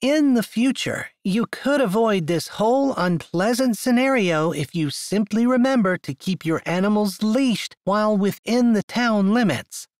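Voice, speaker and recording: A man's voice: high-pitched, very animated, unhurried, no room sound, clean studio sound, pitched above the performer's own voice. A man voicing an irritated young woman who speaks in a proper, haughty tone. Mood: condescending.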